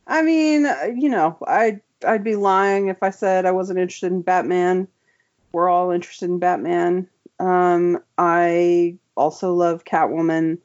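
A woman's voice: on the low side, steady tone, unhurried, darkish tone. Chatty woman on dull lo-fi audio. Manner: chatty, enthusiastic, many "like" and "um" fillers. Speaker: comic book writer, guest. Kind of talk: casual interview chat.

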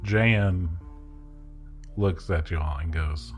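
A man narrating a tabletop game as game master, relaxed and chatty with many fillers. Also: sits low, drawn-out words, faint music behind.

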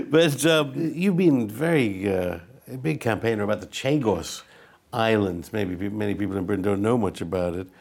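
A man hosts an interview, his low voice gravelly with fry. He presses his guest with pointed, probing questions. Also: unhurried. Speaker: interview host.

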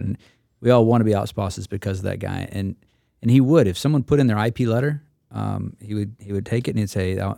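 A man's voice: lowish voice, creaky, dark tone, dry recording, clean studio sound. A man who is an instructor pilot, telling stories in a casual roundtable chat and acting out the people he quotes. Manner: storytelling, acts out quotes.

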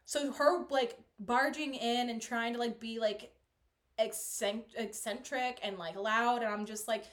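A young woman co-hosting a casual podcast with a slightly high voice. She tells frank, personal stories, laughs readily, and goes soft and low when things turn serious. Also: a little slow. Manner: candid, laughing storyteller with sudden quiet drops. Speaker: podcast co-host. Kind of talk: casual chat.

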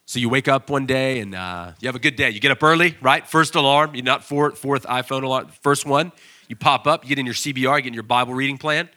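A man delivers a sermon as pastor, his voice bright and ringing at an ordinary middle pitch. He tells everyday stories with animated energy and breaks into loud, excited bursts when acting them out. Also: quick pace.

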